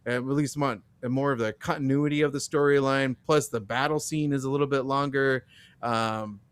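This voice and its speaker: A man on a casual live film review panel, speaking haltingly with many fillers. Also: medium pitch, fairly even intonation, smooth, no echo.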